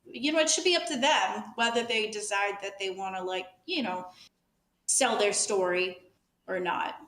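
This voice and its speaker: A woman's voice: medium pitch, moderate pace, a bit bright. Woman chatting in an echoey room. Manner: hedging, full of fillers. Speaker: show regular. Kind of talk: casual chat. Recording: roomy echo.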